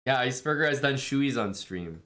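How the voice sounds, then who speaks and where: A man's voice: mid-range voice, lively intonation, a little fast, a bit bright. A man streaming live, chatting casually with viewers and thanking them, laid-back and jokey. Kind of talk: casual stream chat, reading viewer messages.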